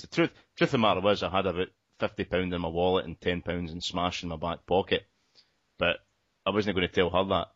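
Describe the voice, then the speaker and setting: Low-voiced man telling a rambling story. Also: fairly quick, a bit bright, dry recording, muffled recording. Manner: rambling, repeats words, swears often. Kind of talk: casual storytelling chat.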